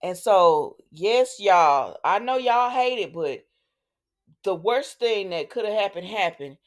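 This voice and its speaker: A woman hosting a casual soap opera recap, chatting to her viewers in an animated, storytelling way. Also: medium pitch, takes it slowly. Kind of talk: casual commentary.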